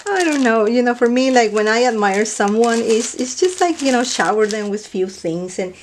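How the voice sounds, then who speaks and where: A woman chatting casually while unboxing mail, gushing and exclaiming over each item and often dropping to a soft near-whisper, indoors at night. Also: fairly high pitch, lively intonation, moderate pace, a little hiss or hum. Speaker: craft vlogger unboxing mail.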